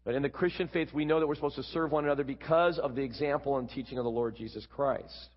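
A man preaching a sermon, explaining a Bible passage with quick asides. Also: medium pitch. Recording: dull, echoey hall.

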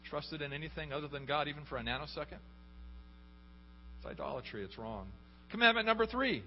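A man's voice: a little high, expressive, fairly quick. A man preaching a sermon, emphatic, often asking the congregation questions. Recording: echoey hall, dull lo-fi, faint hum.

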